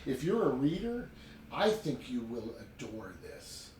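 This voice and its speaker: A man reviewing a book in a casual chat, retelling it in an animated way with chatty asides. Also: mid-range voice, unhurried, slight background noise. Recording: roomy sound from a distant mic with faint ambience.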